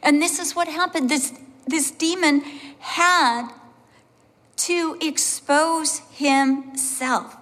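A woman pastor preaching a sermon, telling animated personal stories and acting out the voices of the people in them. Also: high-pitched, extremely slow. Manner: animated storyteller, acts out voices, laughs along. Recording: long hall reverb.

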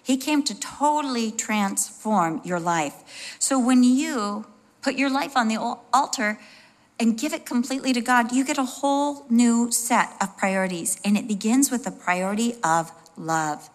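Expressive woman preaching a sermon. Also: fairly high pitch, a little slow. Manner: conversational and expressive, with asides and little acted-out voices.

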